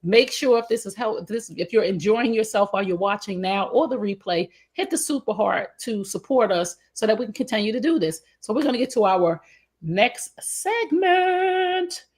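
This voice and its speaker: A woman co-hosting a casual relationship talk show, outspoken and emphatic as she hands out blunt advice, with features. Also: medium pitch. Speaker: co-host.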